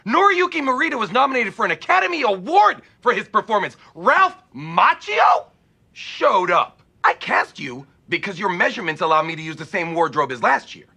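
A man's voice: sits high, very animated, moderate pace, gravelly, husky, exaggerated voice. An actor playing an abrasive male stage director who lectures and cuts people down, in a sitcom scene. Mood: scornful. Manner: lecturing, cutting, bursts into a yell. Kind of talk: sitcom acting.

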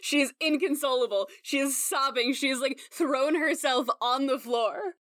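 Young woman GM, chatty and animated, slightly high voice, dry close mic. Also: normal speed, no room sound. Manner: animated, lots of "like" fillers, breaks into character voices. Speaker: game master. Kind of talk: narrating a tabletop game.

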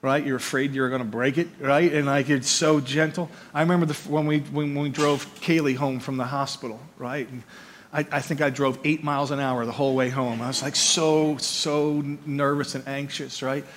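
A man preaching a conversational sermon, animated and often checking in with his listeners by asking "right?", repeating words as he builds his points. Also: medium pitch, normal speed, a little hiss or hum. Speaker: pastor.

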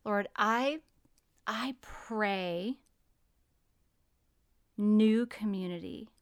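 Slow-spoken woman podcast co-host. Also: medium pitch, clear, resonant tone, dry recording, clean studio sound. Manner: slow, warm, earnest. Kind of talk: casual chat and spoken prayer.

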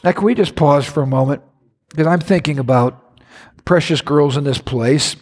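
A pastor preaching a sermon to his congregation, impassioned, his voice climbing higher when he is stirred. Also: moderate pace. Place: large church hall. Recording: reverberant church hall.

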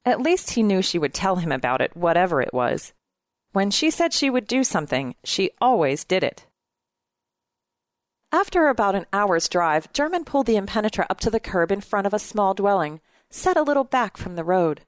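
A woman narrating a novel in a steady, measured storytelling manner. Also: medium pitch, no room sound, studio quality. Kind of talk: audiobook narration.

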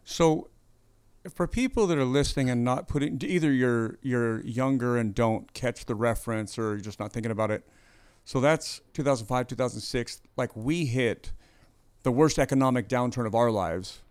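A man's voice: mid-range voice, moderate pace, darkish tone, clean tone. A man hosting a faith interview in a conversational way, summing things up and checking in with his guest as he goes. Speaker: podcast host, interviewer.

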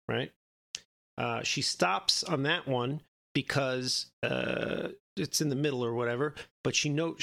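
A man's voice: medium pitch, gravelly, a bit bright. A man co-hosting a podcast, telling a long story in a casual, rambling way and often checking in with "right?". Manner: rambling, keeps adding "right?". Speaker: podcast co-host.

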